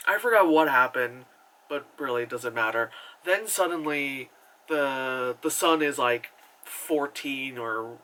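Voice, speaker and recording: A man's voice: on the high side, sharp tone, poor audio. A man giving a casual, rambling movie review, full of fillers, sarcasm and swearing.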